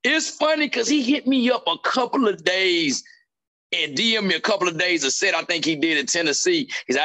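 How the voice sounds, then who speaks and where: Man, stand-up comic, bright voice, animated storytelling, casual chat. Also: high-pitched, a little fast. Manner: animated storyteller acting out quotes. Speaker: stand-up comedian. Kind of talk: casual chat between comedians.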